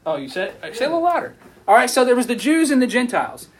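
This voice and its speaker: A man's voice: very high-pitched, fast talker, a crowd in the background. A man, preaching a casual sermon and asking the audience questions as he goes. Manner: conversational, asks the audience questions, animated. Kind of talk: casual sermon to a youth group.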